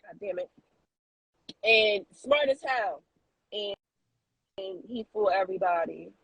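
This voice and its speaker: A woman co-hosting a casual podcast, telling a story in an animated way with lots of fillers and restarts. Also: mid-range voice, unhurried, vocal fry, husky, no room sound, poor audio. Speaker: co-host.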